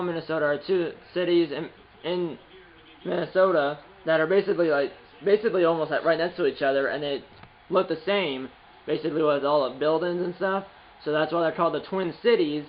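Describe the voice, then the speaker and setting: High-voiced young-sounding man calling his game. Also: highs cut off, slight background noise. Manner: rambling, self-correcting, bursts of excited calls. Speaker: gaming channel host. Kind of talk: play-by-play commentary while playing.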